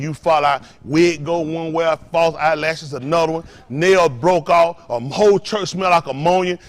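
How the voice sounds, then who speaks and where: A man with a fairly high pitch preaches to his congregation, trading call-and-response with them. He poses rhetorical questions one after another, moving between loud emphasis and softly spoken lines.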